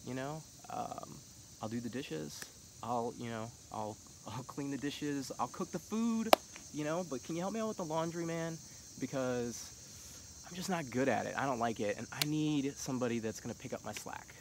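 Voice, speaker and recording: A man's voice: mid-range voice, normal speed. Passionate man with a faint background hiss. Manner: passionate, rising to heated shouting; casual, filler-heavy talk. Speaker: vlogger. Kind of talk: casual monologue on politics.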